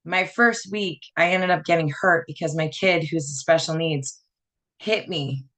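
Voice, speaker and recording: A woman's voice: deep voice, unhurried, fairly bright tone. A woman in her thirties giving a personal testimonial as a network marketing presenter, rambling through her story with lots of "like" and "you know".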